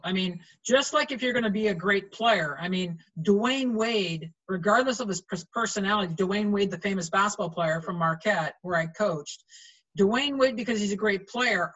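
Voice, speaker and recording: Bright-voiced woman telling referee stories. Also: mid-range voice, rough recording. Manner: animated, chatty, acts out quoted lines. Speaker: volleyball referee guest. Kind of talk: storytelling in an interview.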